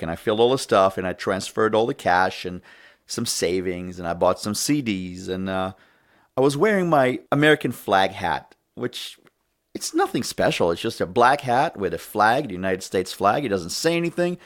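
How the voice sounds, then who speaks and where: A middle-aged man hosting a show, giving an emphatic political commentary monologue with indignant rhetorical questions. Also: lowish voice. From Northern California. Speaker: show host.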